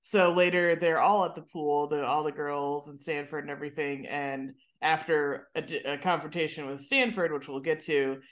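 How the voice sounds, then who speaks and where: Woman recapping a show, animated. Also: deep voice, normal speed, few pauses. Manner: animated storytelling, laughs often. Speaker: podcast host recapping an episode. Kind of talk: casual chat.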